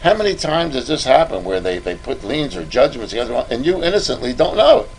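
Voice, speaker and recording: A man's voice: mid-range voice, very animated, fairly quick, breathy edge, rough recording. An older man hosting a podcast, telling a rambling anecdote with restarts. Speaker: podcast host. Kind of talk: podcast interview.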